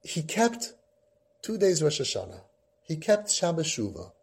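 A man's voice: fairly high pitch, wildly swooping pitch, unhurried, gravelly, slightly rough. A man hosting a parenting podcast, telling a long personal story with Yiddish and Hebrew terms. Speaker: podcast host and parenting guide. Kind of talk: storytelling talk.

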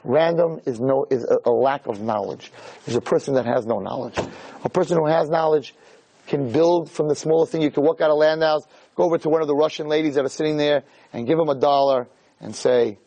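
A man giving a weekly Torah talk as a lively, chatty storyteller who drops in Hebrew terms. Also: on the high side, brisk, low-quality recording. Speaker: Torah lecturer.

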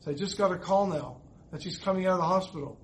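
A man's voice: high voice, fast, a little hiss or hum, lightly acted, poor audio. A man voicing a sincere teenage girl who plainly explains a promise she made with her friends.

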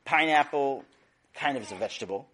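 A man's voice: medium pitch, lively intonation, fairly quick, fairly bright tone, a little hiss or hum, lightly acted. A man voicing a patient mother coaxing her son to eat, a little unsure of herself.

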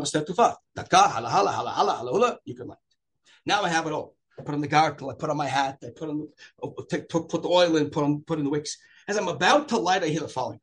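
A man tells a heartfelt personal story. His voice is husky and sits a little high, and his pitch swings widely as he acts out each quoted line. He often restarts and drifts into digressions. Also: a bit bright. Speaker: storyteller at a memorial gathering.

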